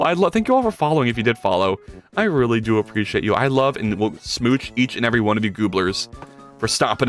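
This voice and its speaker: Brief: male coding streamer, wildly lively pitch, slightly high, rambling and swearing, faint music underneath. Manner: profane, rambling and jokey, with big pitch swings. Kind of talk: casual coding livestream chat.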